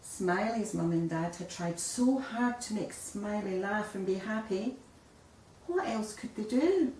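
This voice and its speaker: Lady reading a kids book out loud, slow and expressive, a bit far from the mic. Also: medium pitch, a little hiss or hum. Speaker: storybook reader. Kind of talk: children's story reading. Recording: echoey room, voice a bit far off.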